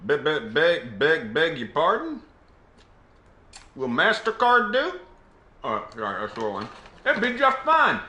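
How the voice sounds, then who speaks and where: A man puts on a bashful older Southern American veteran, drawling and polite in a put-on Southern US accent. The bright voice swings widely in pitch. It rings out in an echoey room. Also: huge pitch swings, measured pace, long pauses, exaggerated voice.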